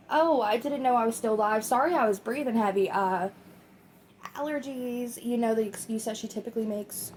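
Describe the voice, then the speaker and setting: A woman's voice: a little high, a little hiss or hum. Chatty woman commentary host. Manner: chatty and opinionated, addresses viewers directly. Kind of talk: casual commentary.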